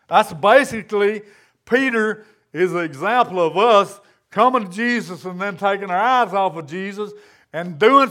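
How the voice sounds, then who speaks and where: A man with a high voice preaches a sermon to his congregation, earnest and speaking in plain, folksy grammar. His delivery rises and falls in a steady preaching cadence.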